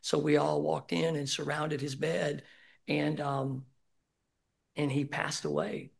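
A man speaking candidly at a recovery meeting, sharing his personal story with many halting fillers. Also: fairly high pitch, level tone, creaky. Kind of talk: personal testimony.

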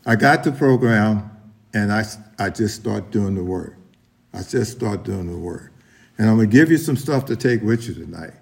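A man's voice: fairly low pitch, animated, normal speed, creaky. A middle-aged man sharing his story at a recovery meeting, rambling with many restarts and talking straight to the room. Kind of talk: personal testimony at a meeting.

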